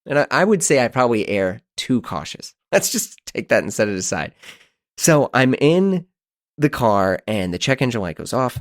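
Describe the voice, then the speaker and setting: A man in his thirties hosting a podcast, telling a story in an animated, exasperated, self-mocking way. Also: medium pitch, normal speed, no room sound, clean studio sound. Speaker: podcast host. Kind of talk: casual storytelling monologue.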